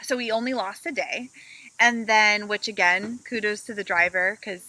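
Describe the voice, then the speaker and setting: A woman co-hosting a podcast from a camper van, telling stories in a lively way and acting out her own complaints. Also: medium pitch, normal speed, rough recording. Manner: animated storytelling, acts out her own complaints. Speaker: podcast co-host. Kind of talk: casual chat.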